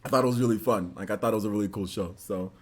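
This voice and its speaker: A man hosting a casual livestream chat, telling animated stories and laughing often. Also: lowish voice, racing. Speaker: host. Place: indoors under studio lights. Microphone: on camera.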